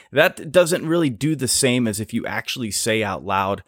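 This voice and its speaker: An American man with a somewhat low voice talks through his work with easy enthusiasm. The sound is dry and close to the mic, and his casual podcast manner stays friendly and explanatory. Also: lively intonation, normal speed, few pauses, no room sound. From United States. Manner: enthusiastic, explanatory, laughs easily. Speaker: flight paramedic guest.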